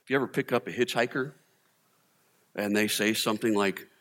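A male pastor preaches in a humorous, conversational way, acting out quotes during his chatty sermon. His voice is on the low side, a bit bright and a little fast, with the long reverb of a hall.

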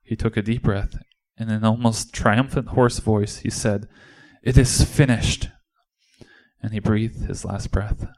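A man's voice: on the low side, little pitch movement, a little slow, few pauses, a little mellow. A man performing an impassioned first-person monologue in a church service, speaking as a disciple. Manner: impassioned, indignant storytelling.

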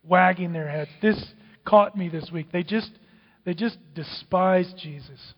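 A man preaching a sermon, dramatic, swinging from loud outbursts to hushed whispers. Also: sits high, unhurried. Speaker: pastor. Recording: dull, with long hall reverb.

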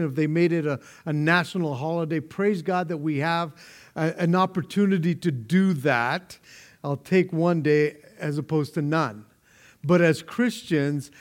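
A man's voice: on the high side, a little mellow. A man preaching a conversational sermon, earnest and speaking directly to the congregation, often repeating words as he builds a point. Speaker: pastor.

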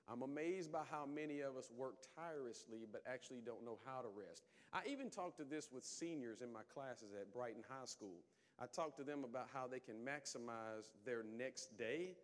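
A man delivering a Sunday sermon in a relaxed, emphatic style, often checking in with his listeners. His voice sits at a middle pitch and swings up when he presses a point. A long reverb from the sanctuary trails behind him. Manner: emphatic, conversational, calling out to the congregation. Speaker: preacher.

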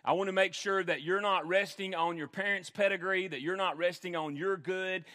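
A man's voice: high-pitched, sharp tone. A man preaching a sermon as pastor, earnest and emphatic, repeating phrases for stress. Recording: long hall reverb.

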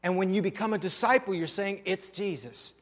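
A French Canadian pastor preaching a sermon, leaning hard on key phrases with loud emphasis and then dropping low and quiet. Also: male voice, fairly quick. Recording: long hall reverb.

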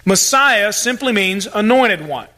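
Bright-voiced earnest male pastor. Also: high-pitched, animated, unhurried. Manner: earnest preaching, repeats words when stressing a point. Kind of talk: sermon.

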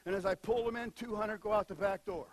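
A man preaching a sermon, moving between quiet asides and loud, emphatic bursts. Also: high voice, steady tone, fast, no echo, low-quality recording. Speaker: pastor.

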